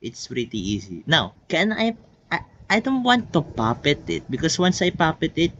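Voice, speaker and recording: A man who speaks English as a second language, giving excitable casual gameplay commentary full of oohs and counting aloud. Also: on the high side, normal speed, muffled recording, a little hiss or hum. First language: not English. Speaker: gameplay video creator.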